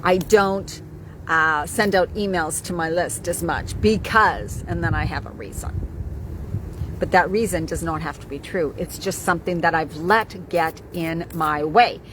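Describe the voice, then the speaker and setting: Chatty woman vlogger, low voice. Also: measured pace, background noise. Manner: chatty, keeps asking "right?". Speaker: wellness coach. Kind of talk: casual talking-head vlog.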